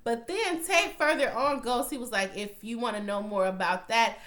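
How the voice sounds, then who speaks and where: Woman host, casual recap, animated, swears a lot, acts out the characters' quotes. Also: on the high side, normal speed. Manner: animated, profane retelling, acting out character quotes.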